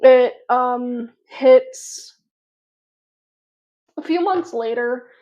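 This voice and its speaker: A fairly high-voiced woman talks slowly through a personal story for her channel. She rambles, loops back and restarts her sentences. The recording is dull and lo-fi. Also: darkish tone. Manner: rambling, filler-heavy, frequent restarts. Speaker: vlogger. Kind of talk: casual storytelling to camera.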